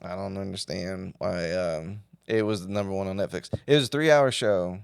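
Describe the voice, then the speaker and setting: A man's voice: sits low, moderate pace, gravelly, clear, resonant tone, no echo. A young man from Texas co-hosting a podcast, talking in a laid-back, conversational way and steering the chat to new topics. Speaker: podcast co-host. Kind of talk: casual chat.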